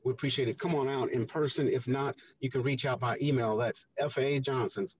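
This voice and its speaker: A man speaking as a guest on a radio show, explaining earnestly with many pauses and fillers. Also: medium pitch, fairly even intonation, distant mic, lo-fi sound, slight background noise. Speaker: guest, housing redevelopment official. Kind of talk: radio interview talk.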